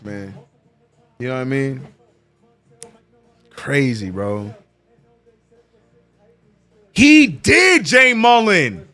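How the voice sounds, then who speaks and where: A man hosting a live sports watch-along, chatting casually and excitably with lots of slang and repeated "bro". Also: medium pitch, very slow, long pauses. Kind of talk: casual live-stream chat.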